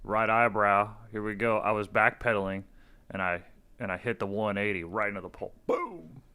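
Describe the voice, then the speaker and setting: Man with a bright, lowish voice. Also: moderate pace, clean tone. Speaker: podcast co-host. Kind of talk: casual chat.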